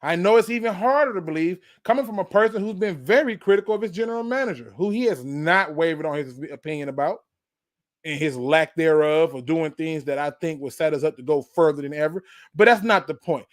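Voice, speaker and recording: A man's voice: a little high, brisk. A man hosting his own sports channel, delivering a fired-up fan rant that hammers the same points again and again. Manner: fired-up, preachy, repeats points.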